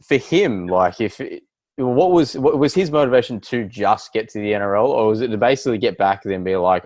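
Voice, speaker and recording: A man's voice: fairly low pitch, fairly quick, no echo. A man hosting a casual podcast interview, asking loose, rambling questions. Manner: relaxed, rambling questions with fillers. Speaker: podcast host.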